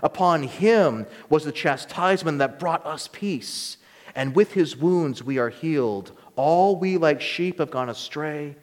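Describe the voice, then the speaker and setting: A man preaching a sermon as pastor, reading scripture slowly and telling quick stories with rising emphasis. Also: a little high, lively intonation. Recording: long reverb of a church hall.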